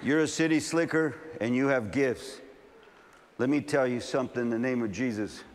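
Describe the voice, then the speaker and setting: Speaking at medium pitch and a moderate pace, a male pastor from California in his fifties gives a sermon to a large camp meeting. Long hall reverb and a faint background hum surround his animated storytelling, in which he voices each character's dialogue.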